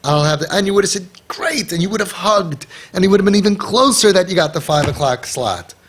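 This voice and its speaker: Husky-voiced animated male parenting coach. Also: sits high. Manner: acts out parents and teens in quick voices, emphatic, rapid. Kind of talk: animated motivational talk with storytelling.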